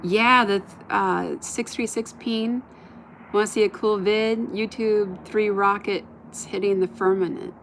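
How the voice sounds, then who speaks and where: A woman live streaming outdoors at night into a phone on a stand, chatting in a bubbly way and often dropping to a soft murmur. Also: medium pitch, fairly even intonation, slow pace, slight background noise. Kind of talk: casual live stream chat. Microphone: phone camera on a stand.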